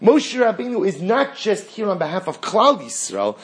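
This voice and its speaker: A man teaching a Talmud class in an animated way, acting out the exchanges he reads and asking rhetorical questions. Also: high voice, normal speed, husky.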